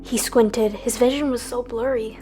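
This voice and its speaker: A woman's voice: a little high, steady tone, moderate pace, warm tone, faint music behind. A woman narrating a dramatic animal story over game footage, voicing every character herself.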